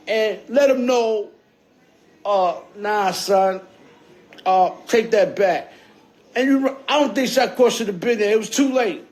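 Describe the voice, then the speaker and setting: A man with a high voice for a man rambles through a story on a livestream. He swears freely and keeps asking if you heard him. The sound comes through a phone mic. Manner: profane, streetwise, keeps checking in with "you heard?".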